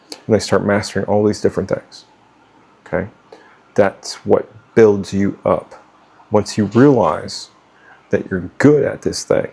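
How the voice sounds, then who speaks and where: A middle-aged man talks straight to his viewers with no script, blunt and full of swearing. His voice sits low and gravelly with a husky edge, and he pauses and restarts as he hunts for words. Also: a little mellow. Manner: blunt, profane, stumbling over words. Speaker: vlogger giving life advice. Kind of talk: unscripted talk to camera.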